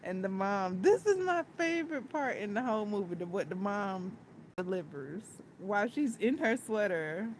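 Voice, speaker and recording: A woman's voice: mid-range voice, animated, moderate pace, slight background noise. A woman vlogger chatting casually about a movie, giggling often and repeating her words.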